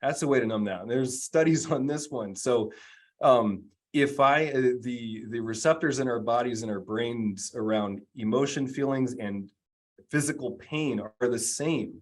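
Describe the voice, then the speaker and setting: A man's voice: medium pitch, a little slow. A man, an executive coach, giving a casual webinar presentation in a chatty, self-deprecating way with lots of fillers.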